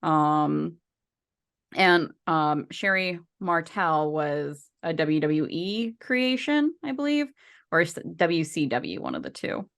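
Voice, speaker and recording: Podcast co-host, female, low-pitched, chatty and loose, lots of ums and restarts. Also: expressive, takes it slowly, vocal fry, fairly bright tone, clean tone. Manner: chatty, rambling with many fillers and restarts. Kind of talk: casual podcast chat.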